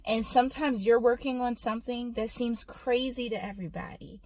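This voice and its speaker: A woman's voice: a little high, steady tone, brisk, dry recording. A woman giving a casual, faith-based encouraging talk, telling a personal story and coaching the listener with affectionate asides. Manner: warm encouraging, storytelling, calls listener "baby". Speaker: faith and self-care speaker.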